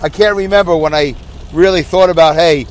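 A man's voice: on the high side, fairly quick. Rambling man talking from his car. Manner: rambling, self-mocking, many fillers. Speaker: podcast host. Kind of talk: casual monologue while driving. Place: inside a car on a rainy highway. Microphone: in-car recording. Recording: recorded in a moving car, faint road noise. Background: rain and road noise.

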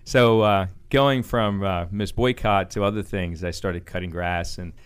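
A man's voice: deep voice, unhurried, smooth. A man answering interview questions on a radio show, telling stories about himself with lots of fillers and restarts. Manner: animated storytelling with frequent fillers and restarts. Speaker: guest, business owner.

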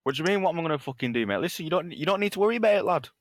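A man's voice: a little high, animated, rapid-fire. A Scottish man in casual voice-chat banter, talking in a mock-menacing way and ending nearly every phrase with "mate". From Scotland.

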